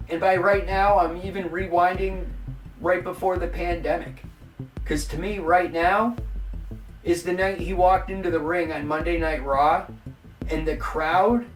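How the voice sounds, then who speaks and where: A man's voice: high voice, far from the mic. A man in his forties rambles casually and swears freely as the host of his own show. He sits well back from the mic in an echoey room. Faint music runs underneath. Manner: rambling, profane, conversational. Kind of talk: casual wrestling talk.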